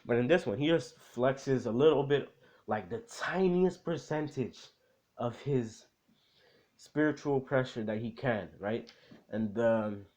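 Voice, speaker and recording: A man's voice: mid-range voice, a little slow, a little mellow. A man in casual chat, rambling in slangy speech with lots of fillers. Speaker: anime vlogger.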